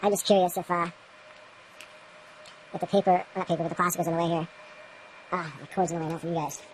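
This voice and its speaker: Brisk, low-voiced woman for a casual hands-on vlog, thinking out loud and grumbling at equipment. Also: fairly even intonation, a little hiss or hum, rough recording. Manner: rambling, talks to camera while working, mutters at equipment. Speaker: home grower demonstrating light readings.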